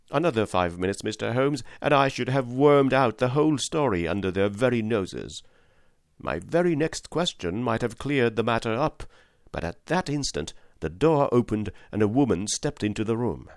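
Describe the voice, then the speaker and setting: A man reading a story aloud as an audiobook narrator, in a measured and dramatic way. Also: medium pitch, animated, no echo, studio quality. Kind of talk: scripted narration.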